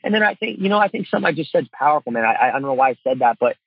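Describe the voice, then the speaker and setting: A man's voice: a little high, animated, very fast, vocal fry, slightly rough, dry recording, dull audio. A middle-aged man, a father and coach, talking earnestly in a casual interview, with lots of fillers. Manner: earnest, heartfelt, many fillers like "you know" and "man".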